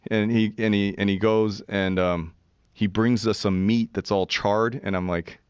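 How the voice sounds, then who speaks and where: Animated, low-voiced man in his forties. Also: moderate pace, clean tone, no echo, dull audio. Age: 40s. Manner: animated, profane storyteller who acts out quotes. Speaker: podcast guest. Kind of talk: casual storytelling.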